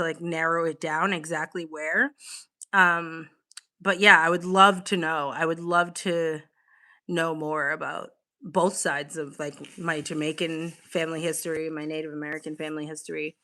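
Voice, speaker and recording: A woman hosting a casual livestream, chatting to her viewers in an excitable way and swearing freely. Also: sits low. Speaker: livestream host.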